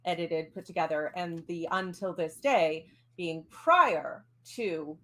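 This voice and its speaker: A woman's voice: on the low side, lively intonation, takes it slowly, pushed and bright. A woman on a discussion panel, talking in long emphatic runs full of fillers. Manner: rambling, many fillers, emphatic. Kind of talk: casual discussion.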